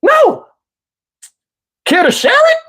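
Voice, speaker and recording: A man voicing a prim, pretentious woman who keeps butting in, with an affected, drawn-out way of talking. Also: very high-pitched, sing-song, bright, forceful tone, pitched above the performer's own voice, exaggerated voice. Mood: eager.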